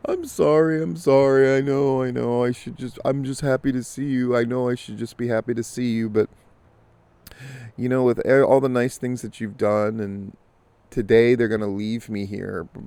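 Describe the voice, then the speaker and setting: A man's voice: medium pitch, steady tone, moderate pace, mellow, clean tone, no room sound, close to an everyday voice. A man voicing a needy young woman stuck on a bench, pleading in a plaintive tone while telling a joke.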